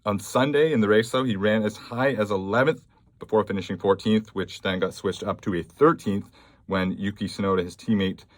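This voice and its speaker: Male podcast host, lowish voice, casual and blunt. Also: steady tone, fairly quick, no echo. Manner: blunt, offhand, reads news aloud with fillers. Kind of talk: casual solo podcast commentary.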